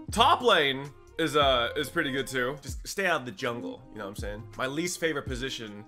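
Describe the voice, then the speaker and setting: A man's voice: medium pitch, expressive, moderate pace, pushed and bright, faint music behind. A young man livestreaming, chatting casually with his viewers in a crude, joking way. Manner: joking, crude, addressing chat. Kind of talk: casual stream chat.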